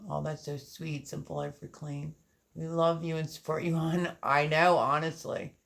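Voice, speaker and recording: Woman doing a live stream, reads out chat comments, kinda gravelly voice. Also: low-pitched, flat delivery, normal speed. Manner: chatty, reads viewer comments aloud. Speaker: gardening channel host.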